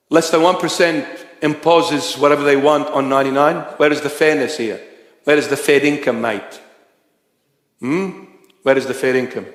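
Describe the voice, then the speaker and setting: Male preacher, high-pitched, bold and shouting at times, roomy hall sound. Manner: forceful, rising to shouting. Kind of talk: sermon. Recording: echoey hall.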